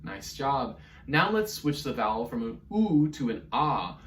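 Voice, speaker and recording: Male children's music teacher, unhurried and animated, recorded a little off-mic. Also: mid-range voice, far from the mic, slight background noise. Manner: encouraging, leads vocal warm-ups and owl sounds. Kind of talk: online music lesson for children.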